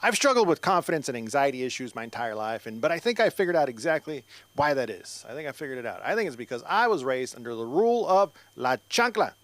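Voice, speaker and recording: A man's voice: mid-range voice, sing-song, fast talker, a bit bright, no room sound. A middle-aged Mexican-American man doing stand-up comedy on a club stage, with wry, self-deprecating delivery into a handheld mic. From United States, Mexican-American.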